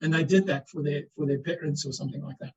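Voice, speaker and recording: A fast-talking man with a fairly high, steady, slightly mellow and slightly rough voice explains things as a webinar panellist. Recorded muffled over a video call, he answers earnestly and often repeats words as he restarts.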